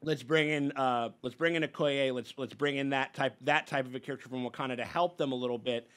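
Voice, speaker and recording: A man's voice: mid-range voice, fairly even intonation, brisk, a bit bright. A man hosting a casual reaction show, talking in a rambling way with many restarts and some swearing. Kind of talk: casual chat.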